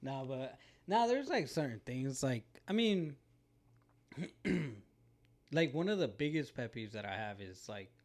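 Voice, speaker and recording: A man's voice: medium pitch, sing-song, takes it slowly. Laid-back, rambling young man. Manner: laid-back, profane, rambling with many fillers. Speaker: co-host. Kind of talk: casual chat.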